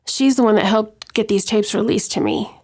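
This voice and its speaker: A middle-aged woman from West Texas recounting her own story in an interview, hesitant with many pauses and restarts. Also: medium pitch, a little mellow. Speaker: interview guest. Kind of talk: personal account in an interview.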